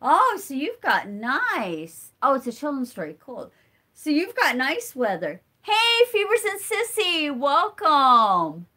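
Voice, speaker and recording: A woman's voice: high-pitched, huge pitch swings, slow, sharp tone. Chatty middle-aged woman with a stuffy nose. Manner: chatty, reads viewer comments aloud and answers them. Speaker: homesteading channel host. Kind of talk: casual live-stream chat.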